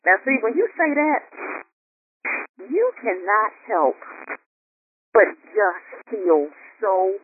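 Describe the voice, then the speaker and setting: A man's voice: sits high, big pitch swings. A man hosting a call for business owners, leading call-and-response affirmations in a preacher-like way, stretching out words with emphasis. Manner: emphatic, drawn-out words, exclaims praise. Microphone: phone call. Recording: tinny phone line with faint noise.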